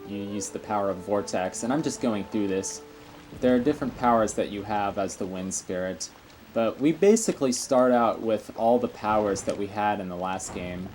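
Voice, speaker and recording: A man's voice: lowish voice, darkish tone. Chatty man narrating gameplay. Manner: rambling, chatty, frequent fillers. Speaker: let's play commentator. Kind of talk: casual gameplay commentary.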